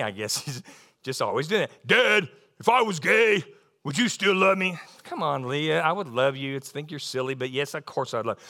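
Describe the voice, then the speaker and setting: A middle-aged man, preaching a sermon in a folksy, animated storytelling way that climbs into excited bursts. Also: medium pitch.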